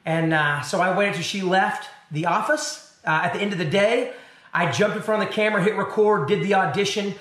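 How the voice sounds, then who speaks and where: Male TV host as interview guest, high and bright, acts out his anecdotes; echoey room. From Arkansas. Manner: animated storyteller acting out other voices. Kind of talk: storytelling interview.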